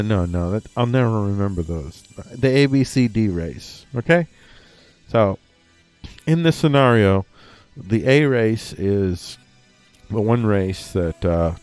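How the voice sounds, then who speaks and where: A man's voice: low voice, darkish tone. A man hosting a casual comedy news show, reading stories aloud and breaking off into rambling jokey asides and talking to himself. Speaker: podcast host reading news.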